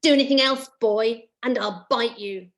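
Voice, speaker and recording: A woman's voice: on the high side, normal speed, close to an everyday voice. A woman voicing a tiny, bossy, rude female fairy who threatens and commands, in a children's story read aloud. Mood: menacing. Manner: commanding, snappish.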